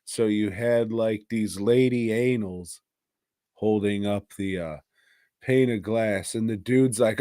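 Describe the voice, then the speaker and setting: Slow-talking podcast co-host, mid-pitched man, rambly and profane recap in a dry-sounding room. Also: dark tone, dry recording. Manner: rambling, profane, laughing at his own story. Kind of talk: casual movie-recap chat.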